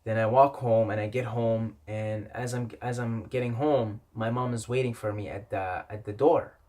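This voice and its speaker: A man's voice: lowish voice, fairly even intonation, moderate pace, a little mellow. A young man whose first language is not English, telling a personal story in a rambling, repetitive way and swearing often. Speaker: vlogger. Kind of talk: casual storytelling.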